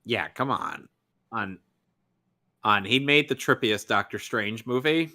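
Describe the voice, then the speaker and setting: Male podcast co-host, crisp bright timbre, halting questioner. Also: on the low side, expressive. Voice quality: halting, asks his co-hosts questions. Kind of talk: casual movie chat.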